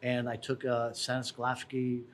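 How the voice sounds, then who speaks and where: A man as a guest in a casual interview, telling animated, profane anecdotes about acting work. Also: mid-range voice, unhurried, a little hiss or hum. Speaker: guest, background actor.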